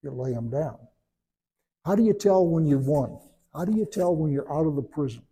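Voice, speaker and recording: A man giving a sermon in a relaxed, conversational way, telling stories and breaking into animated voiced asides. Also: fairly high pitch, normal speed, a little hiss or hum. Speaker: preacher.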